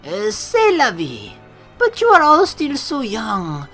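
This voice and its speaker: A woman's voice: high voice, huge pitch swings, takes it slowly, a bit bright, soft background music, pitched above the performer's own voice, exaggerated voice. A woman voicing a theatrical female ghost-class teacher with a put-on mock French accent, flowery and melodramatic. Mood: wistful.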